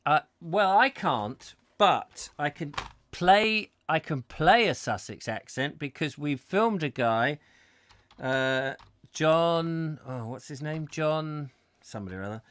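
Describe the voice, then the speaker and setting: A man's voice: a little high, lively intonation, slow, a bit bright. A man from England with a mild southern English accent, hosting a casual live chat show and rambling with frequent restarts. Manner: rambling, self-interrupting. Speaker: host.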